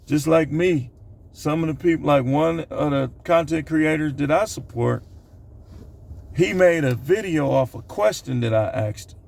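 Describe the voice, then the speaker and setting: A channel host records himself on camera counting down a numbered list at a measured pace. His voice is a little high and darkish in tone, with vocal fry. He rambles casually, using plenty of fillers and asides.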